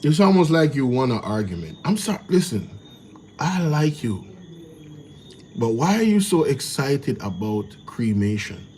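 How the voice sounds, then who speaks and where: A man's voice: medium pitch, big pitch swings, measured pace, a little mellow, a little hiss or hum. Incredulous man ranting. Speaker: reaction channel host. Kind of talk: casual commentary on news clips.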